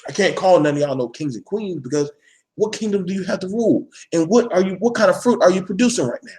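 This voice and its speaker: A man's voice: sits high, quick pace, a little mellow. A man talking straight to his viewers in a blunt, profane, preachy rant, calling out his audience and pressing his point hard. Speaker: vlogger addressing his viewers. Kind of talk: live ranting monologue.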